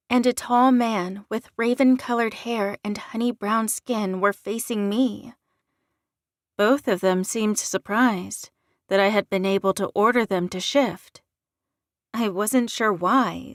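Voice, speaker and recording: A woman narrates an audiobook at an unhurried pace. Her reading is measured and careful. The sound is close and dry, with no room around it. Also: medium pitch, no echo.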